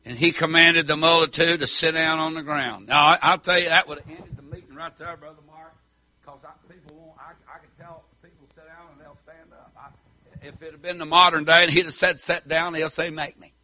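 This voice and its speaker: A middle-aged man preaching a fiery country sermon, whooping and shouting, then dropping low and soft. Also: steady tone, a little fast.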